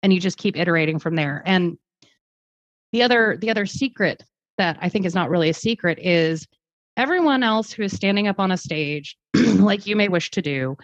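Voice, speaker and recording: A woman's voice: on the low side, animated, moderate pace, no room sound. A woman talking thoughtfully in a podcast conversation, explaining her ideas with restarts and fillers. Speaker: guest speaker. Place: lives in Germany. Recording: dull lo-fi sound, dry.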